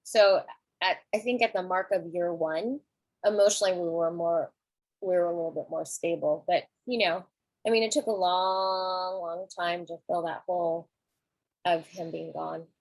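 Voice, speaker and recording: A middle-aged woman talking gently and reflectively about grief in a candid podcast conversation, with a husky voice. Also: fairly low pitch, steady tone, moderate pace, no room sound, poor audio. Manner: gentle, reflective, soft-spoken.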